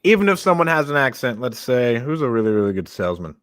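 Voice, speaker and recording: A young adult man co-hosting a casual podcast, talking in a direct, energetic coaching tone. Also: medium pitch, fast. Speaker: podcast co-host.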